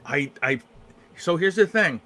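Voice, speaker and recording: A man's voice: a little high, animated, a little slow, a bit bright, dry recording. A man hosting a casual video call chat, stammering and enthusiastic as he listens. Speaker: host.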